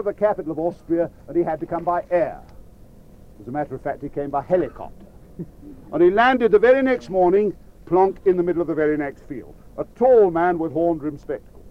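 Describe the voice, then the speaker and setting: A man telling a children's story to a live audience, lively and playful, talking straight to his listeners. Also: sits high, fairly quick, narrow, tinny audio.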